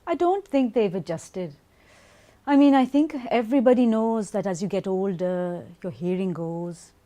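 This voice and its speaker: A woman's voice: medium pitch, moderate pace, dark tone, lightly acted. An actress playing a frank, wry middle-aged mother with mild hearing loss. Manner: frank, wry, a bit stubborn. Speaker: actor voicing a mother's testimony. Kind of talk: scripted testimony monologue.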